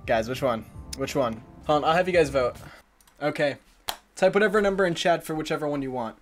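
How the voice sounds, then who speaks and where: A man's voice: on the high side, a little fast, faint music behind. A young man streaming a game, joking and self-deprecating as he talks to his chat. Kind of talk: casual game commentary.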